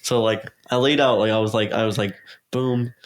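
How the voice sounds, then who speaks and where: A man's voice: lowish voice, steady tone, normal speed. A young man in casual podcast talk, telling a long story full of fillers and acted-out quotes. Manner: rambling, filler-heavy, acts out quotes. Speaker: guest.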